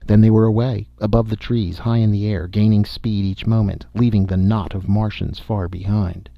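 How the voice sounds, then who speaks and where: Low-voiced male audiobook narrator. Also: steady tone, moderate pace, gravelly, dry recording. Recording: dull, lo-fi dry recording.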